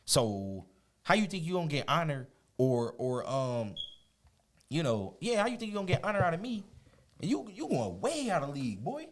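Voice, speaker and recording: A man, a guest on an interview show, telling a personal story in a casual, animated way, often laughing and acting out quotes. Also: fairly high pitch, normal speed, slight background noise.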